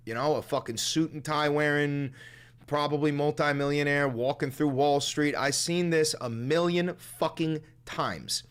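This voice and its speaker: A man's voice: fairly high pitch, measured pace, clear, resonant tone. A man streaming live and reacting to a clip, ranting bluntly with lots of swearing and wild theories. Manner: blunt, swearing, conspiratorial rants. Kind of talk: profane live-stream commentary.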